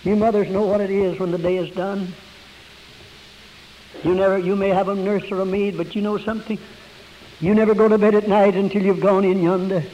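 A man preaching a sermon, telling emotional stories that slow down and then rise to fervent peaks. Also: high voice, darkish tone, highs cut off, slight background noise. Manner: emotional storytelling, slowing and rising to fervent peaks.

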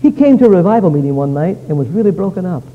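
A man's voice: high-pitched, big pitch swings, rapid-fire. Man preaching a revival sermon, lo-fi. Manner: storytelling, swings from hushed to loud. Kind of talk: evangelistic sermon.

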